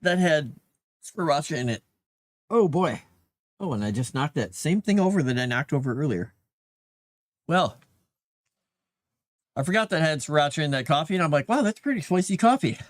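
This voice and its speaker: A man's voice: on the high side, lively intonation, moderate pace, long pauses, no echo, clean studio sound. A man rambling casually on a livestream, chatting to his cat between thoughts.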